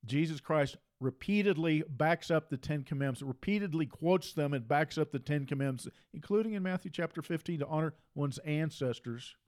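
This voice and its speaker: Male preacher, insistent and repetitive, sits a bit high in his range. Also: moderate pace, hardly any pauses, darkish tone. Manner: emphatic and repetitive, hammering phrases. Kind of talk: preaching monologue.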